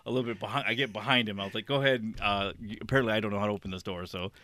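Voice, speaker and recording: A man on a podcast telling a long story in casual chat, rambling and animated, acting out what people said and laughing often. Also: lowish voice, rapid-fire. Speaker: podcast co-host.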